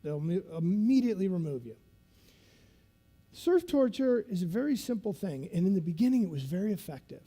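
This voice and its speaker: A man giving a conference keynote, telling a story in an animated, dramatic way. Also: sits high, a little fast. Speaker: keynote speaker. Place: conference stage.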